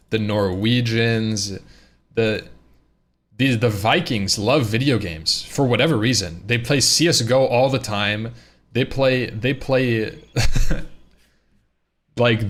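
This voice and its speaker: Streaming live, a man with a medium-pitched voice chats casually and rambles with his viewers, often repeating and restarting his words.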